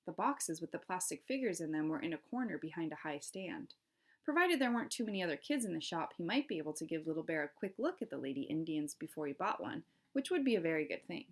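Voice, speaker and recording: A woman teacher reads a novel aloud to her pupils, steady and storytelling, stopping now and then to explain. Her voice sits low with a gravelly texture. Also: fast. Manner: steady storytelling with classroom asides. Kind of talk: reading a novel aloud to a class.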